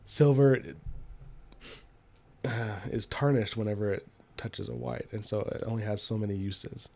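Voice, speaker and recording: A man's voice: lowish voice, measured pace, creaky, warm tone. A man co-hosting a podcast who loosely retells a book's plot in casual chat, with many fillers. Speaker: podcast co-host. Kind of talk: casual book discussion.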